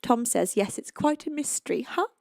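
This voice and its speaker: A young English woman hosting a music livestream, chatting warmly with viewers, reading out their messages and often laughing. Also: sits high, lively intonation, moderate pace, creaky, no echo, studio quality. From United Kingdom. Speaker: livestream singer and host. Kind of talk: casual chat with live viewers. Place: home, indoors.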